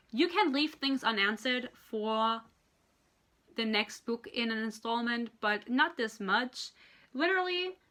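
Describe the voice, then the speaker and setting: A woman ranting in a book review vlog, exasperated, sarcastic and profane, acting out characters in quick impressions. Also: fairly high pitch, bright, forceful tone.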